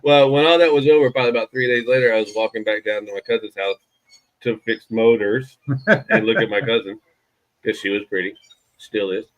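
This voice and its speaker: A man's voice: fairly low pitch, steady tone, fairly quick, dull audio. A man, from Florida, co-hosting a casual morning show and telling a rambling, profane story.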